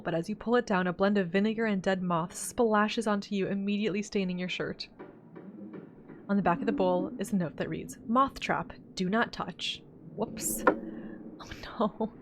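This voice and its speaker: Woman reading a horror game aloud and chatting, mid pitch, hissy noisy mic. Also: fairly even intonation, moderate pace, a little mellow. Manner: chatty, reads narration then comments with laughs. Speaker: let's play gamer voicing a visual novel. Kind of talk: reading and playing a horror visual novel aloud.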